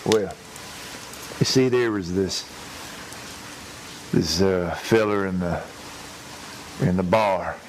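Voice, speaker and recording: A crude, long-winded redneck played by a man spins a prank-call joke in a lowish voice. He drawls very slowly and stumbles through every sentence with uh and restarts. Faint rain patters behind him. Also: a little hiss or hum, low-quality recording. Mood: drawling. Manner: drawling, hesitant, full of uh and restarts; crude, chuckles at his own story. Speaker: prank caller telling a joke.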